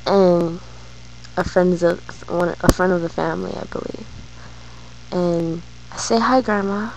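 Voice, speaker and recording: Woman, vlogger, personal story, hesitant, gravelly, very slow. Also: on the low side, flat delivery, a little mellow, slight background noise, low-quality recording. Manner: slow, hesitant, many fillers and restarts.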